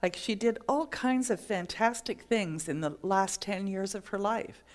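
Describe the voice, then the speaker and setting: A woman's voice: medium pitch, lively intonation, unhurried. A middle-aged woman minister giving a sermon, telling stories and acting out the voices in them. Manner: storytelling, acts out quoted voices.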